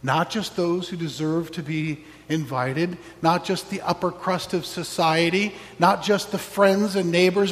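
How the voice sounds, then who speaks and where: A man's voice: high-pitched, measured pace, hardly any pauses, big-room sound. A man preaching a sermon as pastor, reflective with wry asides.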